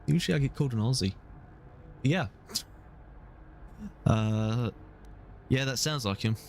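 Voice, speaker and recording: A man's voice: mid-range voice, unhurried, darkish tone, a little hiss or hum. Joking, crude London man streaming a game. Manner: joking, crude, rambling with fillers. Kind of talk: casual game commentary.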